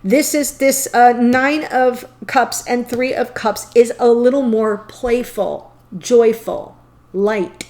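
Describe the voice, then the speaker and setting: Slow, playful woman reading tarot. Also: a little high, fairly even intonation, darkish tone. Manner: playful, giggly and chatty. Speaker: tarot reader.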